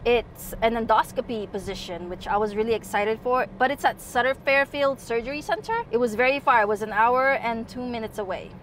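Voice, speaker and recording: A woman in her thirties from New York, telling a story in a casual, animated chat, swearing and laughing freely. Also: a little high, brisk, hardly any pauses, a little hiss or hum. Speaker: nurse and podcast host.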